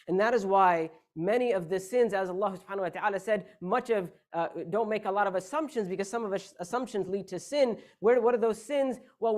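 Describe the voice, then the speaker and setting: A man giving a Friday sermon in a mosque hall, speaking emphatically, asking rhetorical questions and shifting the stress between words. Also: high-pitched. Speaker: preacher.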